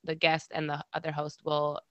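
A woman's voice: low-pitched, completely flat delivery, moderate pace, clear, resonant tone, dry recording. A woman guest chatting casually and self-deprecatingly on an interview podcast, often laughing through her words and restarting sentences.

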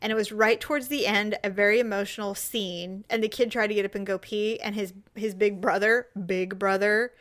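A woman's voice: medium pitch, steady tone, fairly quick, few pauses, fairly bright tone. A woman co-hosting a casual chat, telling stories animatedly and laughing often. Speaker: podcast co-host.

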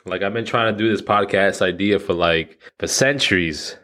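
Casual podcast host around thirty, lowish male voice, loose and rambling, swears a lot, jokes at his own expense. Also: normal speed, bright, forceful tone. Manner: rambling, profane, self-mocking, laughs at himself. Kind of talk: casual solo podcast monologue.

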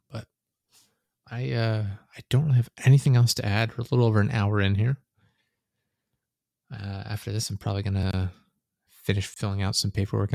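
A man's voice: on the low side, a little mellow, dry recording, studio quality. A young man hosting a casual gaming podcast, rambling and swearing often, with frequent laughter. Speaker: podcast host.

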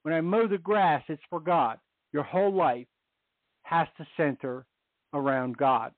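A middle-aged man, a little high-voiced and unhurried, shares his story and teaches on faith as a guest on a Catholic radio show. He's earnest and repeats phrases for emphasis. The tinny phone line carries no echo.

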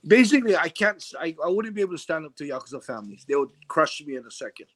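Animated storytelling man, higher voice. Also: very fast. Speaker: interview guest. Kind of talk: casual storytelling interview.

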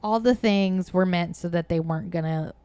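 Woman, smooth clear voice, chatty movie review, quotes her reactions, dry room. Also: lowish voice, normal speed, mellow, dry recording. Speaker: podcast co-host. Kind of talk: casual movie review chat.

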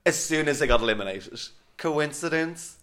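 A man's voice: mid-range voice, expressive, moderate pace, fairly bright tone. A man co-hosting a podcast in casual chat, swearing freely and filling his talk with "like". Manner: chatty, swears freely, many "like" fillers. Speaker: podcast host.

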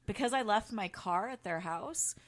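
A woman joins a talk show as a guest, chatting in a playful, easygoing way. Her pitch swings widely as she talks. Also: animated, moderate pace. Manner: playful, laughs easily. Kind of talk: casual chat.

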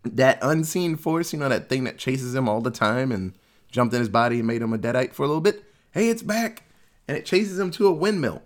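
A man's voice: medium pitch, expressive, brisk. Jokey man recapping a movie. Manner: loose and jokey, swears freely, laughs at the story. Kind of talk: casual movie plot recap.

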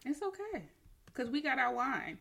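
A woman's voice: high-pitched, big pitch swings, normal speed, gravelly, fairly bright tone. A woman hosting a podcast, chatty and giggly in casual chat. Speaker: podcast host.

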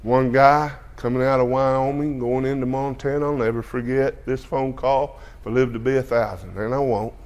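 A man's voice: medium pitch, fairly even intonation, normal speed, hardly any pauses, a little mellow. A man preaching a testimony to a congregation, folksy and full of amens. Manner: folksy, peppers speech with "amen" and "hallelujah".

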